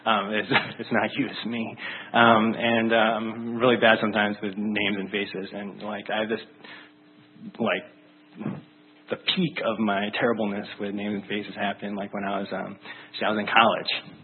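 A man's voice: on the low side, level tone, moderate pace, a little hiss or hum. A male pastor preaching a casual sermon in a rambling, conversational way full of fillers. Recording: tinny phone-like sound.

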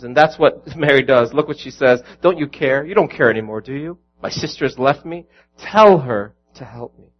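Pastor guy preaching, kinda high voice, earnest and emphatic, muffled lo-fi recording. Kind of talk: sermon.

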